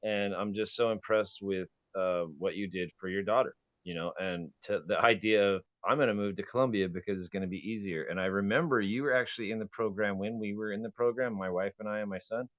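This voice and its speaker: A man's voice: on the low side, fairly even intonation, fairly quick, few pauses, no echo, highs cut off. A man chatting casually in an online audio room, praising another parent in an encouraging, rambling way. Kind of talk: casual chat.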